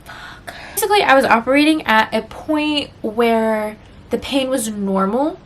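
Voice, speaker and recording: A woman's voice: fairly high pitch, lively intonation, unhurried, fairly bright tone. A woman vlogger talking candidly and emotionally to her viewers in a rambling, confessional chat full of fillers. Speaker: book vlogger.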